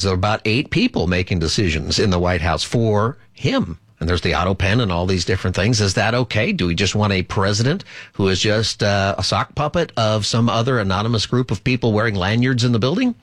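Low-voiced talk radio host, dry close mic. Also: male voice, animated, fairly quick, no echo. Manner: opinionated, rambling with fillers. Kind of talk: political talk radio commentary.

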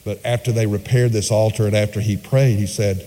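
A man's voice: on the low side, steady tone, dark tone. Emphatic male preacher in a hall. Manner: emphatic storytelling with dramatic pauses. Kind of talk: sermon. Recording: long hall reverb.

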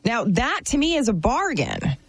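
Female co-host, lively swooping voice, playful and curious, dry close sound. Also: on the high side, moderate pace, slightly rough, dry recording. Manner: playful, laughs easily, quizzical. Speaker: podcast co-host. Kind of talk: casual banter.

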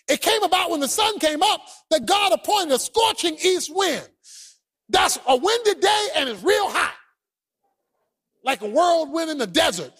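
A man preaching an animated, colloquial sermon who acts out the scripture and often breaks into shouts. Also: extremely high pitch.

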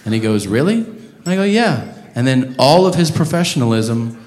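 A man's voice: medium pitch, fairly quick. A man doing stand-up, telling a story and acting out both sides of the dialogue with lots of swearing. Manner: animated, profane, acts out both sides of dialogue. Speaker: stand-up comedian. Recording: roomy stage sound, audience noise.

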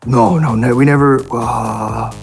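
A man's voice: medium pitch, fairly even intonation, a little slow, vocal fry, faint music behind. American guy being interviewed, chill and self-mocking, says dude a lot. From United States. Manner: laid-back, self-deprecating, calls people "dude". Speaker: actor guest. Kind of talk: casual interview chat.

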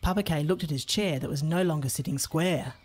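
A woman reading a children's storybook aloud in an expressive, playful way. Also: deep voice, a little fast, husky.

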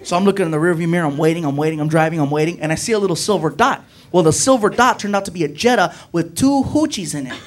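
High-voiced animated stand-up comedian man. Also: racing, hardly any pauses. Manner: animated, swings to shouting. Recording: noisy live recording.

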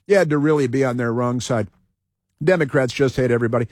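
A man's voice: mid-range voice, fast talker, darkish tone, dry recording, studio quality. A man hosting a talk radio show, reading off a list with sarcastic, combative asides and frequent fillers.

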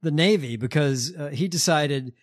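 A man co-hosting a podcast, telling stories in a relaxed, sarcastic way with lots of fillers. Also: fairly high pitch, normal speed. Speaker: podcast co-host. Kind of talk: casual chat.

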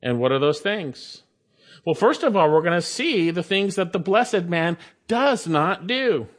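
A man's voice: high-pitched, sing-song, unhurried. A man preaching a sermon, reading scripture and stressing points through repetition. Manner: emphatic, repeats phrases for stress.

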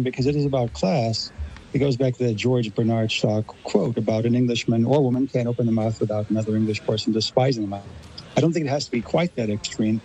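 A man's voice: mid-range voice, a little mellow, poor audio. A man with an American accent, a guest on a radio discussion, giving expansive and articulate explanations. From Los Angeles, United States.

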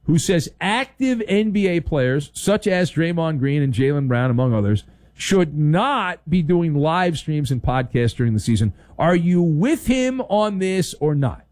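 A man's voice: on the high side, very animated, a little slow, a little mellow, no room sound. A middle-aged man hosting a sports talk show, giving sarcastic opinions and acting out little scenes in funny voices.

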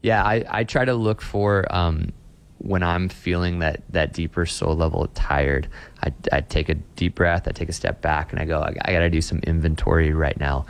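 A man's voice: deep voice, fairly even intonation, moderate pace, vocal fry. A pastor talking earnestly in a casual interview, often repeating words as he restarts a thought. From Austin, Texas.

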